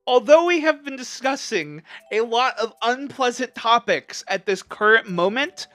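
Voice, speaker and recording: A streamer with a mid-range, fairly bright voice vents to the livestream chat. Impassioned and exasperated, they try to stay measured despite being upset.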